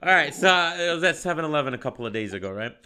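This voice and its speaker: This podcast host from Michigan speaks rapid-fire in a fairly high, clear, resonant voice. Chatting casually, he spins a story with lively energy, doing the voices of its characters and frequently breaking into laughter.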